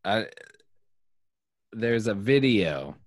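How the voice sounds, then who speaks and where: A man's voice: lowish voice, very animated, drawn-out words, dry recording, studio quality. A man in casual chat, telling a rambling, profane story full of fillers.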